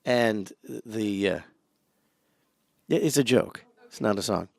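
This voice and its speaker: Male podcast co-host, gravelly, dry booth sound, animated joke-teller. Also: on the low side, slow, no echo. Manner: animated storyteller who acts out the characters in a joke. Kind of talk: casual chat, telling a joke.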